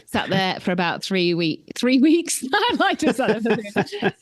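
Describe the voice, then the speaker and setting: A woman in her forties chats casually as a podcast co-host. She tells her stories in a chatty, lively way and often breaks into laughter. Her voice sits in a middle pitch, and the recording is dry and close. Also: a little slow, no room sound. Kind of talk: casual chat.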